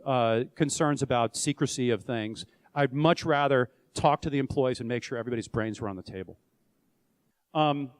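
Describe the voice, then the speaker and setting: With a slightly high, darkish voice, a middle-aged founder-CEO gives an open, conversational conference talk full of restarts. It's recorded in a conference room or hall with a long reverb.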